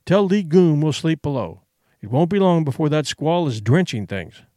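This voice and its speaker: A man voicing a calm, stern ship owner who speaks quietly in cool, clipped replies. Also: fairly high pitch, moderate pace, no room sound, clean studio sound. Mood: quiet, firm.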